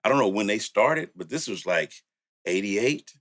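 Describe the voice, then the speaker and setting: A middle-aged man with a low voice and a Southern country lilt tells stories as an interview guest. He is relaxed and easygoing, and his pitch jumps up when he acts out old conversations. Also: moderate pace. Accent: Southern US country accent. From Louisiana, raised in the Bay Area. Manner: laid-back, laughing, acts out quotes with rising pitch. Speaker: music producer, guest. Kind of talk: storytelling interview.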